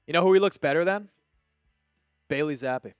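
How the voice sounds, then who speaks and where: A Long Island, New York man calls plays on his live football watch-party stream, chatting casually and reading viewers' messages aloud. His voice is a little high, smooth, and expressive, at normal speed. There's no echo and faint music behind.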